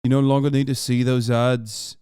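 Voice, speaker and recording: Man, streamer, sarcastic, swears, smooth, dry sound. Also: medium pitch, little pitch movement, moderate pace, dark tone, no room sound. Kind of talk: casual reaction chat.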